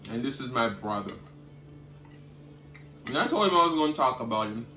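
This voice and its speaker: A man's voice: medium pitch, expressive, moderate pace, reverberant, faint music behind. Chatty man savoring food on camera. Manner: eating with loud savoring hums between remarks; chatty, talking straight to viewers. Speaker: cooking vlogger. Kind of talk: casual mukbang chat.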